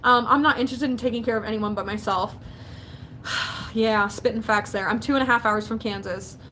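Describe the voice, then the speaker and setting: A young adult woman, a YouTuber, answers her viewers' live chat in a casual livestream, talking a little fast in a somewhat high voice. She's chatty and animated, packing her speech with fillers and quoted dialogue, and there's a faint hiss or hum underneath.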